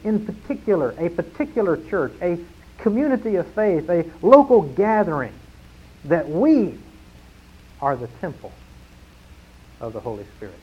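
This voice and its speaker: A male pastor delivers a sermon in a slightly husky voice, pitched a little above most men's. He presses hard on key words, then slows and sinks to a near hush to let a point land. The sound is dull and lo-fi. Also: sing-song. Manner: emphatic preaching, slowing and dropping to a hush at key phrases. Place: church sanctuary.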